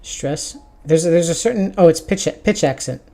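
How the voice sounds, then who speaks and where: Halting man reading Japanese practice sentences. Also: a little high, vocal fry, dark tone. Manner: halting, sounds out Japanese slowly with restarts. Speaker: streamer. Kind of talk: casual live-stream Japanese study, reading aloud.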